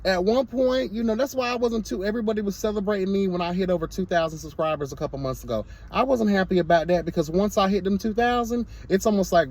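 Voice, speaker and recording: A man's voice: high voice, fast, few pauses, darkish tone. A man vlogging his commentary in a sassy, emphatic rant, full of repeated exclamations. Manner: sassy, emphatic, repeats "girl" and "hello, God". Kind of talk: candid to-camera rant.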